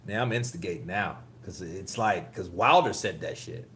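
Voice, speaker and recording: A man's voice: deep voice, moderate pace, fairly bright tone, slight background noise. A man hosting a casual live-stream about boxing news, swearing, laughing and reading the chat. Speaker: host.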